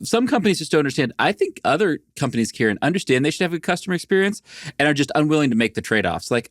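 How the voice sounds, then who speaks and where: A man's voice: a little high, very animated, racing, no room sound, studio quality. Teasing man co-hosting a podcast. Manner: teasing, emphatic. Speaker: podcast co-host. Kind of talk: casual chat.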